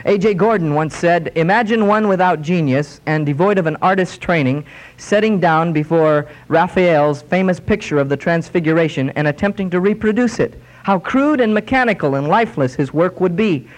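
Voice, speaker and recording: A man preaching a sermon in a fairly high voice. He drives scripture home with emphatic, drawn-out phrases that climb in pitch, then drops back into plain storytelling. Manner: emphatic, slowing and rising on scripture quotes.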